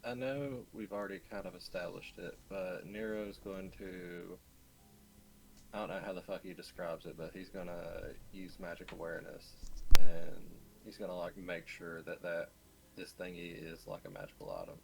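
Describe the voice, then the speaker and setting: A man playing a tabletop game, talking in a loose, hesitant way and swearing casually. His voice is very deep and gravelly, with a faint hiss behind it. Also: moderate pace, fairly bright tone, poor audio. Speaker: player.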